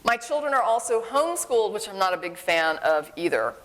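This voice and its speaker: Woman speaker, frank and chatty, mid-pitched, long hall reverb. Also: sing-song, brisk, fairly bright tone. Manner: conversational, frank, exclamatory asides. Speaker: conference speaker. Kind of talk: live talk reading and commenting on letters. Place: conference hall with an audience.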